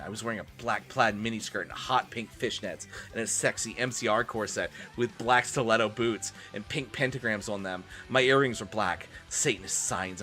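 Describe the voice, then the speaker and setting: Bright-voiced man doing a mock-dramatic reading. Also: fairly low pitch. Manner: mock-dramatic, wry asides. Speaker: streamer.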